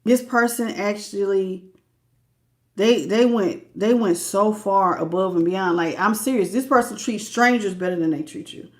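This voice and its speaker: A woman giving a live tarot reading, animated and preachy, often repeating herself and laughing between greetings. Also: mid-range voice, a little slow. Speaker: tarot reader.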